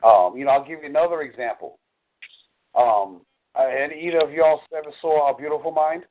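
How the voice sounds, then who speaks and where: A man's voice: on the high side, brisk, a little hiss or hum. A man in a coaching call, explaining earnestly and drawing on examples. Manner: earnest, explanatory, uses y'all. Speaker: dating coach. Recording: tinny phone line.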